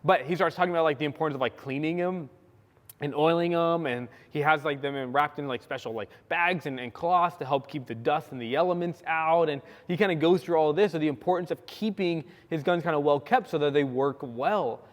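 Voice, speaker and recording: A young man from California preaching a sermon, telling a story with lively acted-out quotes. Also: on the high side, fairly quick. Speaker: pastor. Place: church sanctuary. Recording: long church hall reverb.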